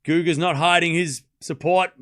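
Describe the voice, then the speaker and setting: A man with a fairly high, bright and forceful voice hosts a live tennis watchalong. He calls each shot in quick bursts of play-by-play. Between points he chats casually with his viewers and swears offhand. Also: steady tone. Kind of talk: casual live play-by-play commentary with chat asides.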